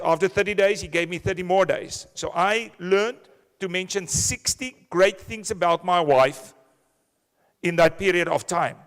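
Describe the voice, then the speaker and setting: A man at a conference sharing a personal testimony in an earnest, measured way. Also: sits high, a bit bright. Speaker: conference attendee. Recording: reverberant conference hall.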